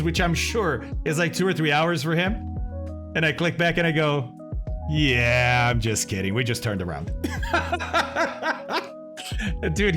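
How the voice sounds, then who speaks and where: A man, a streamer animatedly commenting on his own talk and laughing often. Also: high-pitched. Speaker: streamer and flight sim host.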